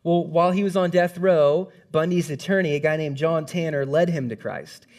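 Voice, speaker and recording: Male preacher, sermon, conversational, casual, lively, slightly higher voice. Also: normal speed.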